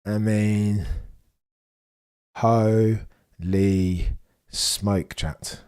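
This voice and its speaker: A young man hosting a live race watchalong, chatting excitedly to his viewers and reacting with slang. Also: on the low side, drawn-out words, clean tone. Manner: excitable, chatty, British slang, talks to chat. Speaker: livestream host.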